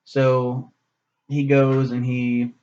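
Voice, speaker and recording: A man's voice: medium pitch, monotone, very slow, a little mellow, lo-fi sound. A man casually reviewing a short story for his vlog, rambling and swearing, with many "um"s. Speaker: book reviewer.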